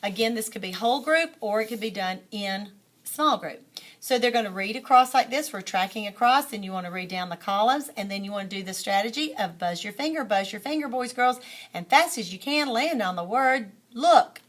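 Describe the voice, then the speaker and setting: A woman's voice: medium pitch, lively intonation, brisk. A woman teacher trainer demonstrating a classroom lesson, modeling call-and-response reading drills and explaining the method to other teachers.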